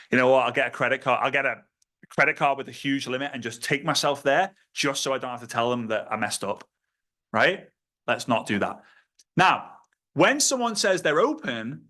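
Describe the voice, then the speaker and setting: A man giving an energetic sales training talk, acting out prospects and himself in quick little voices. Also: on the high side. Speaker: network marketing trainer.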